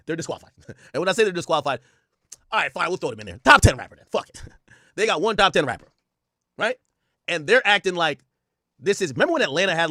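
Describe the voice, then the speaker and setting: A man's voice: high-pitched, sharp tone, dry recording, studio quality. A man hosting a reaction commentary, ranting with profanity and repeating his points for emphasis. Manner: repetitive, emphatic. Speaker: host.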